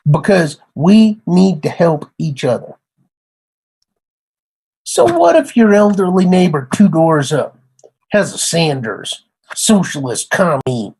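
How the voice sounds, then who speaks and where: A man's voice: high voice, darkish tone, breathy edge, rough recording. A man who works as a computer repair tech, talking in an emphatic, rambling casual rant that repeats itself.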